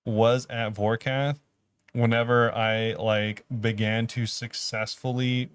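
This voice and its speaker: A man's voice: mid-range voice, little pitch movement, slow pace, clear, resonant tone. A young man from Southern California co-hosting a podcast, laid-back and joking, full of slang. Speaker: podcast co-host. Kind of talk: casual chat.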